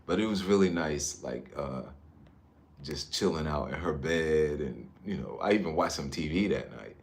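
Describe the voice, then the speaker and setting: Deep voiced guy from jersey, chill livestream chat on his phone, talking to his viewers. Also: expressive, moderate pace. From Newark, New Jersey. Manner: laid-back, chatty, drifts between comments. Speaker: livestream vlogger. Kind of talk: casual livestream chat reading viewer comments. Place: high-rise hotel room.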